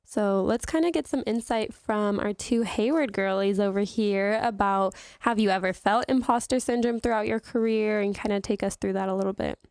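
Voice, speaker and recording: Smooth-voiced woman podcast host. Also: medium pitch, normal speed, few pauses, no echo, studio quality. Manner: relaxed, explains and asks questions. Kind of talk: casual podcast hosting.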